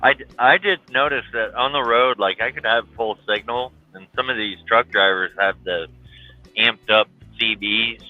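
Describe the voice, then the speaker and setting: A man's voice: lowish voice, moderate pace, dry recording, soft background music. A man in casual chat on an online call, mostly agreeing with short replies. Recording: dry tinny phone-like line.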